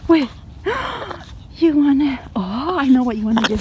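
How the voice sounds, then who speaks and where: A woman's voice: high-pitched, sing-song, unhurried, heavy background noise. A woman vlogger talking to her pet bird in playful baby talk and to her viewers in a casual way.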